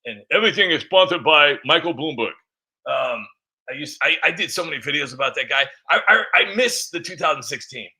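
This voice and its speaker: A man's voice: on the high side, lively intonation, fairly quick, bright, forceful tone. A man giving a rambling, mocking political commentary with many fillers. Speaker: vlogger.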